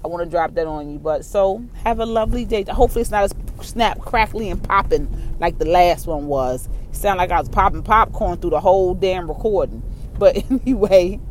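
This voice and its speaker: A person with a Baltimore and New York mixed accent rambles through a casual solo monologue. The talk is candid and full of swearing, broken up by laughs and repeated phrases. A faint background hiss sits under the voice at a middle pitch. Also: moderate pace. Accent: Baltimore and New York blend. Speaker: solo vlogger.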